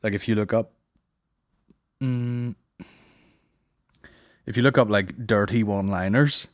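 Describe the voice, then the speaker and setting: A man's voice: on the low side, measured pace, pauses often, no room sound. Guy rambling on his comedy podcast, swears a lot, dry close sound. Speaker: podcast host. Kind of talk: casual comedy podcast banter.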